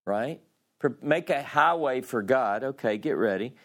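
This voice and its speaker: A man's voice: medium pitch, lively intonation. A man teaching a scripture class, who reads passages aloud with dramatic emphasis and then explains them in a loose, conversational way with frequent restarts. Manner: slow and deliberate, with frequent restarts. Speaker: Bible teacher.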